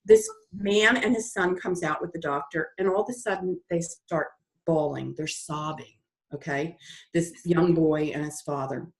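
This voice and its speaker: A woman guest telling stories in an interview, lively and dramatic, acting out the voices in her story. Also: sits low, moderate pace, reverberant. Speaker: guest author.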